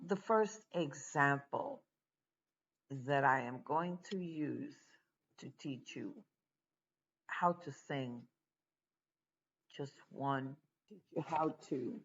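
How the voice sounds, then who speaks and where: A teacher giving a slow, deliberate spoken lesson, pausing often between phrases. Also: medium pitch, lo-fi sound, a little hiss or hum.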